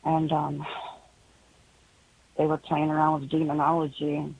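A woman calling in to a radio show who talks haltingly, with many pauses and ums, emotionally strained. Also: low-pitched, monotone, vocal fry, darkish tone, breathy edge, poor audio. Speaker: radio caller. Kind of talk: call-in radio conversation.

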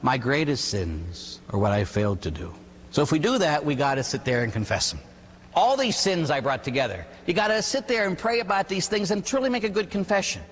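A man from the Pittsburgh area, a Catholic priest, preaching a sermon with lively storytelling and frequent tag questions. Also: on the high side, fairly quick. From Pittsburgh area, United States. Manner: animated storytelling, acting out quoted voices, tag questions. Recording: echoey hall with faint hum.

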